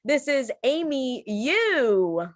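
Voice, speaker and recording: A woman's voice: high-pitched, big pitch swings, extremely slow. A woman hosting a comedy show, introducing the next comic in an upbeat way. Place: comedy stage.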